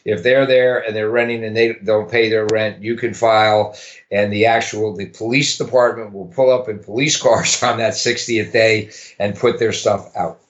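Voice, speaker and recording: A man's voice: lowish voice, steady tone, moderate pace, lo-fi sound. A man talking casually in an interview about property, rambling and thinking aloud with many restarts. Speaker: guest, realtor.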